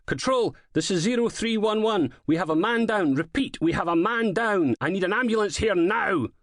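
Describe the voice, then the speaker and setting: A male reader voicing an armed police officer who calls for help in a loud, urgent, clipped way. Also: high-pitched, expressive, normal speed, dry recording, clean studio sound, voice pushed up.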